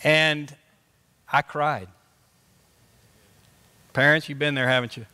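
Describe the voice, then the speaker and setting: A male pastor preaching a sermon with passion, dropping soft and then rising to shouts. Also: fairly high pitch, fairly even intonation, takes it slowly, clear, resonant tone. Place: church sanctuary. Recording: long church reverb.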